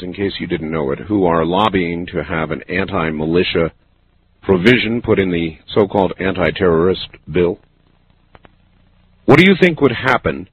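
Male call-in radio host, phone-thin. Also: deep voice. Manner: slow, musing, conversational. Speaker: radio talk show host. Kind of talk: late-night call-in radio talk. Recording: lo-fi radio broadcast with faint hiss.

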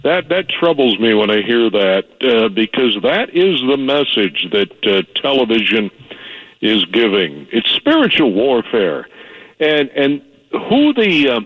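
Older male caller from New York, earnest and rambling, lively pitch, tinny dry phone line. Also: measured pace, no room sound. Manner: earnest and rambling, with many restarts. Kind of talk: phone-in conversation.

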